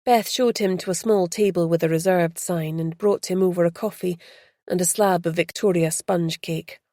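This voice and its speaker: A woman reading a story aloud as audiobook narrator, in a measured storytelling manner. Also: lowish voice, fairly even intonation, dark tone, dry recording, studio quality. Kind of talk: scripted narration.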